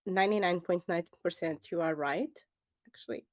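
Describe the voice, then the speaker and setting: A woman's voice: lowish voice, normal speed, no echo, clean studio sound. Laughing woman telling a story. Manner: animated storyteller, laughs often, acts out quotes. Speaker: podcast co-host. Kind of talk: casual chat storytelling.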